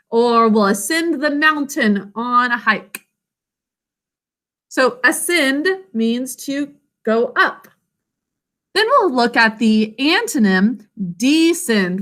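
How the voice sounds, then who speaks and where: Slow, bright-voiced woman teacher. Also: high voice. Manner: slow, clear, sounds words out syllable by syllable. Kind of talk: online spelling lesson for children.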